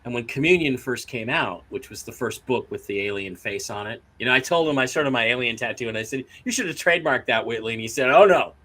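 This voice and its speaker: A man's voice: mid-range voice, fast talker, few pauses, pushed and bright. A man co-hosting a talk show, telling stories casually and acting out quotes in a raised voice. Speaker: co-host. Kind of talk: casual storytelling chat.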